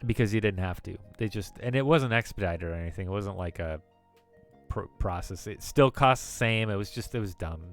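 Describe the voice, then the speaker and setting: A man's voice: fairly low pitch, fairly quick, soft background music. A man in his late thirties, from the former Soviet Union, streaming from home and chatting in a rambling way, often laughing and restarting sentences. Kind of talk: casual rambling chat.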